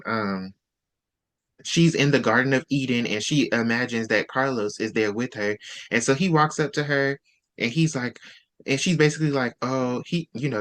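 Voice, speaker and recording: Host, male, casual book chat; animated storyteller who acts out lines. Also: medium pitch.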